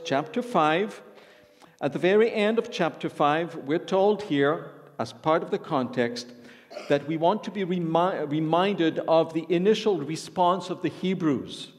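A man preaching in a large hall, his slightly high voice trailing off into a long reverb. He reads scripture aloud, then explains it phrase by phrase in an expository sermon. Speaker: Bible teacher preaching.

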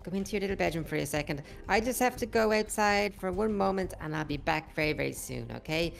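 A woman's voice: lively intonation, fast, loud music behind the voice. A woman voicing a sly, scheming male ink demon in a Minecraft role-play, coaxing and sinister. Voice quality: gravelly low voice.

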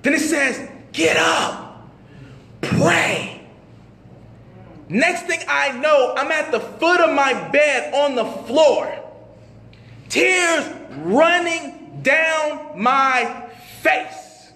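A man giving a testimony sermon at a mosque, telling his story with animated, slangy storytelling. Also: very high-pitched, extremely slow, creaky. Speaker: minister. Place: mosque hall. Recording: echoey hall with long reverb.

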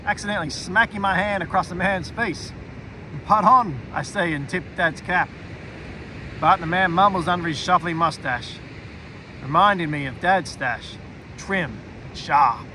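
A man with a high-pitched voice reads a first-person fantasy audiobook expressively, dropping into a quiet aside for the narrator's inner thoughts. The background is noisy.

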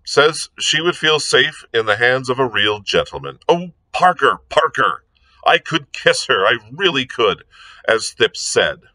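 A man reading aloud and voicing a jaunty, excitable aristocratic gentleman detective, full of exclamatory upper-class banter. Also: mid-range voice, measured pace, no echo, heavily acted, rough recording. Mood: gleeful. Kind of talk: read-aloud novel dialogue.

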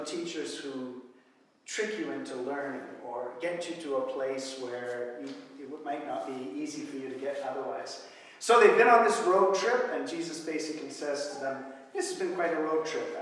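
A man preaching a sermon as pastor, talking in a conversational, animated way with asides and fillers. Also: on the high side, a little hiss or hum. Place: church hall. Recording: echoey hall from far off.

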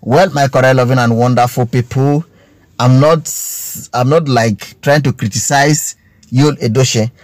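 A man with a Nigerian English accent addresses his viewers in an earnest, preachy monologue on current affairs, stretching out key phrases and repeating his points. His medium-pitched voice is steady and unhurried, on a dry recording.

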